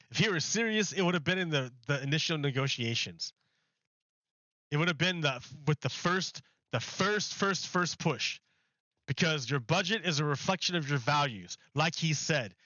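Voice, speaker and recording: A man's voice: fairly high pitch, animated, moderate pace, pushed and bright, no echo, highs cut off. A man streaming live, rambling through a mocking rant in casual chat and laughing often.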